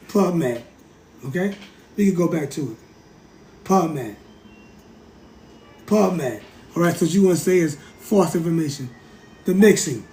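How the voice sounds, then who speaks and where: A man hosting a livestream, lecturing in a casual, animated way, repeating himself and talking straight to his chat. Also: fairly high pitch, reverberant, slight background noise. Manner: animated, repetitive, keeps addressing the chat. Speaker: livestream host.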